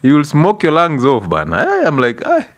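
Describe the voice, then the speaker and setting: A man's voice: on the high side, wildly swooping pitch, moderate pace. A young Kenyan man hosting a casual livestream, greeting viewers by name, breaking into Swahili and laughing often between stories. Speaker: livestream host.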